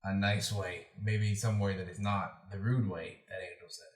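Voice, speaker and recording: A man playing a tabletop game, chatting quickly and teasingly in character. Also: fairly low pitch, little pitch movement, far from the mic. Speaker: player. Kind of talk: casual in-character chat. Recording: roomy, set back from the mic.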